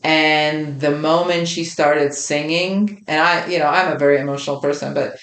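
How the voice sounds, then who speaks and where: A woman's voice: low voice, fairly even intonation, normal speed, fairly bright tone, echoey room. A woman in her fifties co-hosting a podcast, sharing a personal experience in earnest, reflective storytelling. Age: 50s. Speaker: podcast co-host. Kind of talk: casual chat.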